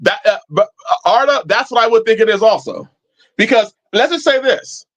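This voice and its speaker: A man's voice: sits high, lively intonation, moderate pace, fairly bright tone. A man hosting a live-chat stream, talking casually and preachily, swearing freely as he answers viewers. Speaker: livestream host.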